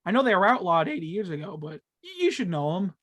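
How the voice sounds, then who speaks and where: A man's voice: sits high, very animated, fast talker, fairly bright tone. A man co-hosting a gaming podcast in casual chat, joking around and laughing often. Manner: jokey, laughs often, slips into silly voices. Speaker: podcast co-host.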